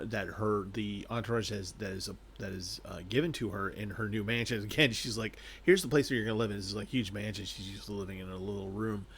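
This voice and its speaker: A man with a lowish voice recaps an anime episode in a loose, rambling way. He chuckles between thoughts and keeps circling back to restart sentences. A faint hiss sits under the recording. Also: vocal fry, a bit bright. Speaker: anime reviewer. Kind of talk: casual review chat.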